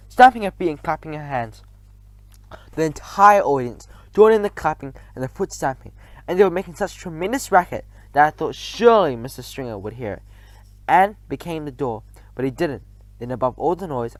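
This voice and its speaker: A man reading a children's book aloud with a lively, rising and falling delivery, quick through tense passages. The sound is dry and close to the mic, with a fairly high voice. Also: no echo. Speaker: reader.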